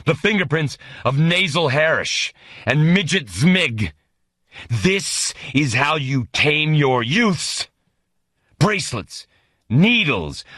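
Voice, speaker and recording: A man's voice: on the high side, pushed and bright, dry recording, clean studio sound, pitched above the performer's own voice, exaggerated voice. A man doing a roaring old general. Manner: barking, furious tirade. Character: gruff roaring elderly male general.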